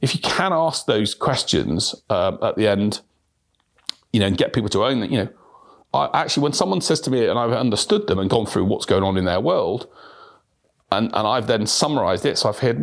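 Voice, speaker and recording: A low-pitched man hosting a solo sales podcast. His voice swings widely as he speaks and acts out sample questions, and he often stumbles and repeats small words when he restarts a thought. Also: animated, a little fast, creaky.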